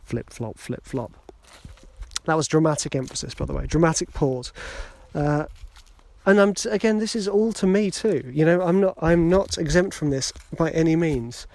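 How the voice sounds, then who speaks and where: A middle-aged man hosts a casual motivational podcast while strolling through a wood, speaking into a handheld phone. His slightly high voice is a little mellow with some vocal fry, at normal speed, and he jokes at his own expense.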